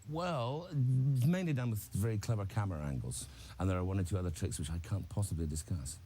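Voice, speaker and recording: A man's voice: fairly low pitch, animated, a little fast, warm tone, a little hiss or hum. A man telling wry anecdotes in an interview. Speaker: actor interviewee. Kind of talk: casual interview chat.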